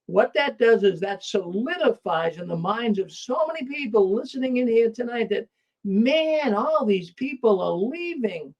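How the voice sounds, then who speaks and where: Excitable high-voiced male talk show host. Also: measured pace, lo-fi sound. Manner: excitable, repetitive, stumbling restarts. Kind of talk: live call-in talk show.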